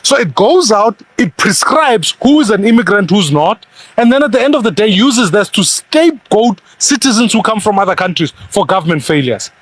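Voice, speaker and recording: A man's voice: high-pitched, sing-song, moderate pace, no room sound. A man from South Africa arguing his view emphatically in a television panel discussion. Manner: emphatic, argumentative.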